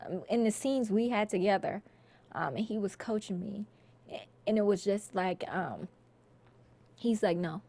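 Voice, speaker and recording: A woman, an actress, being interviewed and telling lively stories about her work, laughing often and acting out quotes. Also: medium pitch. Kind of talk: casual interview storytelling.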